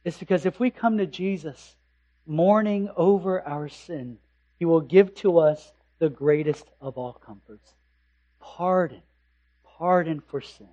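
A man preaching a sermon as pastor, impassioned, rising to loud emphasis and dropping to hushed tones, with rhetorical questions. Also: a little high. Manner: slow, deliberate delivery with rhetorical questions.

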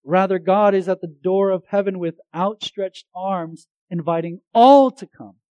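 A man preaching a sermon to a congregation, swinging between loud emphatic lines and hushed earnest ones, with light jokes between points. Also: sits high, unhurried, smooth, no echo, highs cut off.

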